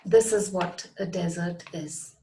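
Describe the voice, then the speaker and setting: A woman's voice: lowish voice, steady tone, measured pace, mellow, low-quality recording. A woman teaching a lesson, speaking carefully and spelling words out letter by letter. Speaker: English teacher. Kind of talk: scripted English lesson.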